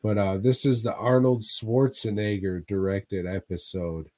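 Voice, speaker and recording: A man's voice: lowish voice, fairly even intonation, measured pace, mellow. A man co-hosting a casual podcast, rambling with heavy swearing and frequent laughs. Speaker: podcast co-host.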